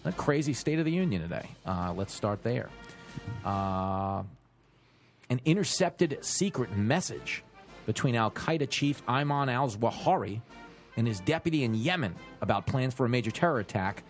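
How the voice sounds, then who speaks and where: A man co-hosting a comedic radio show from a New York studio, bantering in a joking, animated way. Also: medium pitch, soft background music. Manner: animated, jokey, quick asides.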